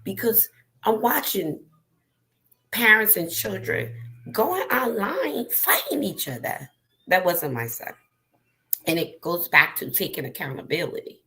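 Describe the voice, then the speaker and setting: A woman's voice: medium pitch, sing-song, unhurried, pauses often, sharp tone. A middle-aged woman telling viewers an emotional personal story in an earnest, direct way, as a vlogger.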